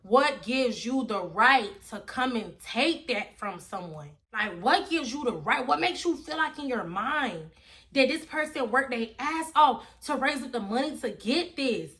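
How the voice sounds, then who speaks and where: A woman telling a wild personal story on her vlog, animated and slangy, acting out everyone's voices. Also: fairly high pitch, measured pace. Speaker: vlogger.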